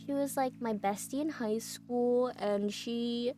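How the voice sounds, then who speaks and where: A woman's voice: takes it slowly, dark tone. Minnie, a haughty socialite done by a woman. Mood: sweet. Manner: high gushy valley-girl voice. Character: young rich socialite woman, fake-sweet and haughty.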